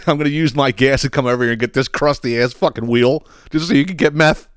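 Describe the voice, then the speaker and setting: Male podcast host, mid-pitched, dry close sound, swears freely and rambles with stammers. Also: a little fast, clean tone, dry recording. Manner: profane, rambling, stammering repeats. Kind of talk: casual solo podcast monologue.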